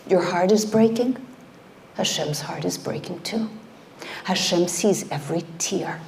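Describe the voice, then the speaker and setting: A middle-aged woman giving an impassioned sermon, dropping into hushed whispers to stress her points. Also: lowish voice, measured pace, vocal fry, a little hiss or hum. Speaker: speaker at a community event.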